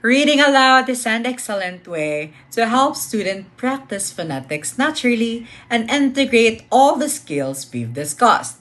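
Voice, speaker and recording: A woman presenting the final strategy, reading with clear emphasis and pauses. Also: on the high side, sing-song, fairly bright tone. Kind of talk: scripted lesson presentation.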